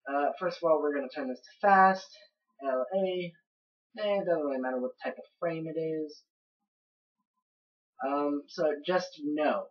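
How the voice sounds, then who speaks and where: A woman's voice: low-pitched, unhurried, long pauses. A woman giving casual, rambling commentary while playing a game, narrating each step as she goes. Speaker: let's play gamer. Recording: dull lo-fi recording.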